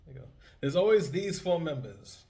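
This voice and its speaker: A man's voice: a little high, very animated, gravelly, warm tone. A man hosting a casual meme review, joking and laughing often as he reacts. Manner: laughs often, jokey, acts out quick silly voices. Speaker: host.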